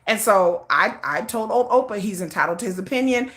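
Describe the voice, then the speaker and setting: Chatty, bright-voiced woman livestream host. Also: medium pitch, lively intonation, brisk. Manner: chatty and emphatic, repeats and restarts, addresses viewers directly. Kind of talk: casual livestream commentary.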